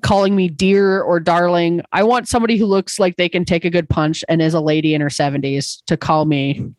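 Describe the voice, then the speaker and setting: Woman comedian guest, animated anecdote delivery, close dry podcast mic. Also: lowish voice, a little fast, no room sound, low-quality recording. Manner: animated storytelling, swearing, acting out exchanges. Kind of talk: casual podcast chat.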